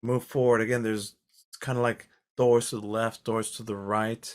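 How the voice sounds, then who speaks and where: A man narrating as game master of a tabletop game, describing the scene in a halting, rambling way. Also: lowish voice, little pitch movement.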